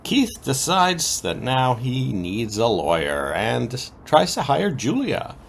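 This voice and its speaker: Gravelly-voiced man recapping a soap. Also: medium pitch, slow, slight background noise. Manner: lively, animated retelling with many ums. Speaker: podcast co-host recapping a soap opera. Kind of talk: casual recap chat.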